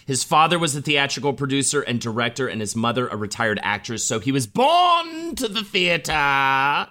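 A man's voice: mid-range voice, fast, sharp tone. A man co-hosting a podcast, reading film history notes with enthusiastic, gushing asides. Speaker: podcast co-host.

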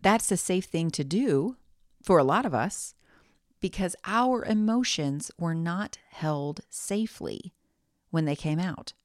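A woman's voice: on the low side, animated, slow pace, no echo, studio quality. A woman in her thirties hosting a solo parenting podcast, talking in a conversational way with frequent asides. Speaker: podcast host. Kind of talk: solo podcast advice talk.

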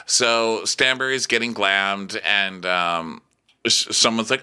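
Podcast co-host, middle-aged man, low bright voice, swoops around playfully while mocking reality TV. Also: takes it slowly, clear, resonant tone. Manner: joking, acts out quotes in silly voices. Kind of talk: comedic recap chat.

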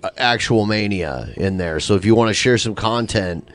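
A man co-hosting a podcast in casual chat, offhand and a bit dismissive, with halting "uh" fillers. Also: on the low side. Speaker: podcast co-host.

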